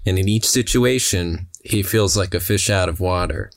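Deep-voiced laid-back young man. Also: moderate pace, no room sound, studio quality. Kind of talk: casual improvised storytelling.

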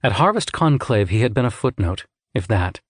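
A man narrating an audiobook in a measured, even storytelling manner. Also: on the low side, husky, no echo, clean studio sound. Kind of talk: scripted narration.

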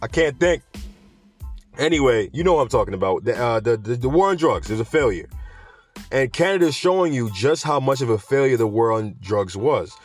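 A man hosting a news show, talking in an animated, slangy, digressive way and addressing viewers directly. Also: medium pitch, brisk, faint music behind. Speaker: host of a cannabis news show. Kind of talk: casual news commentary with rants.

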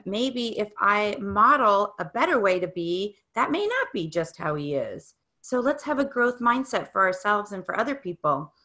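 Bright, upbeat motivational woman. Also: on the high side. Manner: upbeat and encouraging, coaching the listener. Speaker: speaker on growth mindset. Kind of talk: motivational talk.

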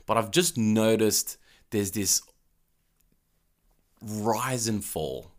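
A young man with a very deep, low voice talks loosely and casually as a podcast host. He drops swear words without fuss and laughs easily. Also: very slow. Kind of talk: casual chat.

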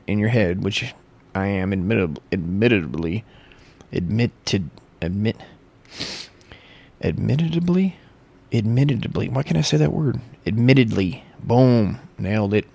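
A man's voice: fairly low pitch, animated, normal speed, vocal fry, a little mellow. A man rambling through a crude, profane comic monologue, stumbling and correcting himself as he goes.

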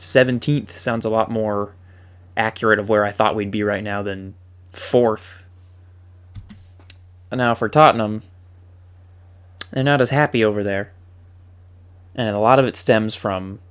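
A man giving casual football commentary as a fan, animated and joking with dry sarcasm. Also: on the low side.

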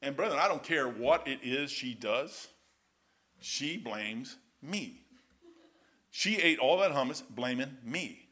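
Speaking slowly in a mid-range voice with lively intonation, pushed and bright, an older man preaches a storytelling sermon. It's casual and rambling, studded with folksy anecdotes and plenty of "man."

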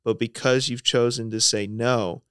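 A man's voice: mid-range voice, a little slow, clear, resonant tone, dry recording, studio quality. A man in his twenties co-hosting a podcast, chatting casually and telling stories with easy laughs. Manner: relaxed, laughing storyteller. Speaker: podcast co-host. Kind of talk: casual chat.

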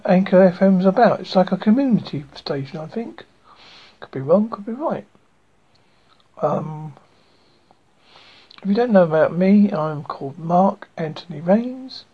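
Rambling English radio host, husky. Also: male voice, sits high, lively intonation, a little slow, long pauses, highs cut off. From Essex, England. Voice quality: self-deprecating, rambling. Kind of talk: casual rambling radio chat.

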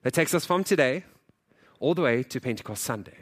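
Animated male pastor preaching. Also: medium pitch, brisk. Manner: animated, acts out quoted dialogue; conversational, jokes with congregation. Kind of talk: sermon.

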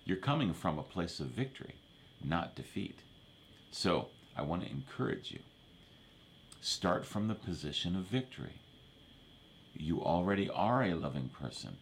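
Low-voiced male pastor, chatty sermon delivery, checks in with listeners. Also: very animated, normal speed, pauses often, slight background noise. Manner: repeats verses, asks for amens, conversational preaching.

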